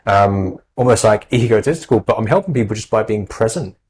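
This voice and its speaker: Fast-talking man, earnest and reassuring. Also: lowish voice, animated, slight background noise, rough recording. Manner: earnest, reassuring, many fillers. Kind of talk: advice in podcast conversation.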